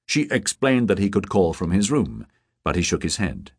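Lively low-voiced male narrator. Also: normal speed, breathy edge, no room sound, clean studio sound. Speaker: audiobook narrator. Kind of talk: scripted narration.

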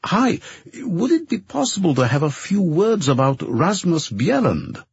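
A woman's voice: lowish voice, sing-song, a little slow, a little mellow, husky, highs cut off, pitched above the performer's own voice, heavily acted. A man voicing a persistent journalist leaving repeated phone messages in an audiobook. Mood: insistent. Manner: insistent, repetitive.

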